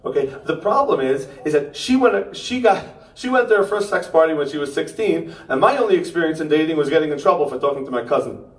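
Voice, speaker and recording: Ranting young stand-up comic, roomy and distant. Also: male voice, fairly high pitch, animated, quick pace. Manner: ranting, punchy asides with frequent "okay?". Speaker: stand-up comedian. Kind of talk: stand-up set. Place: pop-up theater stage. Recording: roomy theater sound from far off.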